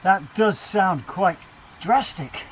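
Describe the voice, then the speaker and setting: An over-eager male news anchor with a mock-serious broadcast manner, as a man puts him on. The voice sits high, pushed up for the bit. Faint room noise hums in a home training room. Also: slow. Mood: probing. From Britain.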